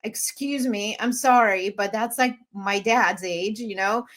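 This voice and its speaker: A woman's voice: mid-range voice, measured pace, fairly bright tone. A woman co-hosting a podcast, talking in a blunt, sarcastic, opinionated way in casual chat. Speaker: podcast co-host.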